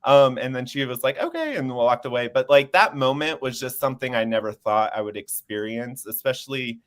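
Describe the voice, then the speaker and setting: Twenty-something guy on a video call, earnest and chatty, laughs a lot, mid-pitched voice. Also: fairly even intonation, brisk. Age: 20s. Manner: earnest, open, laughs easily while sharing. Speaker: panel guest. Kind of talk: casual chat.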